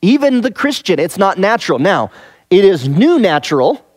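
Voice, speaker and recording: Male Bible teacher, fairly high voice, dry close sound; conversational, leans on rhetorical questions and repeated key phrases. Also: sing-song, normal speed, no room sound.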